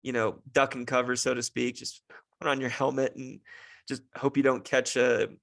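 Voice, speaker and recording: A man's voice: medium pitch, little pitch movement, moderate pace, gravelly, fairly bright tone, no echo, clean studio sound. A young man hosting a solo podcast about fatherhood, talking earnestly and thoughtfully with many "you know" fillers. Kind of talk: reflective solo podcast monologue.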